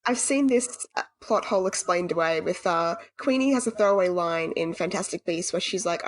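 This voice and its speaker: Podcast co-host, woman, lower-pitched, casual and chatty, dry close mic. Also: fast talker, hardly any pauses, no echo. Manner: chatty, swears casually, lots of "like".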